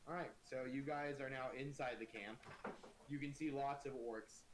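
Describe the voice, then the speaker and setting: A man's voice: mid-range voice, steady tone, moderate pace, noisy background. A man narrating a tabletop game as game master, casual and profane, with frequent filler words, over a voice call.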